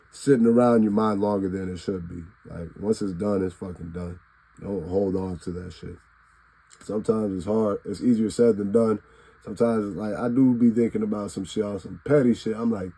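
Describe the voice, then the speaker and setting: A man's voice: lowish voice, mellow, low-quality recording. A man talking straight to his phone camera in a casual, profane, rambling rant, acting out what he would say to people. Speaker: vlogger.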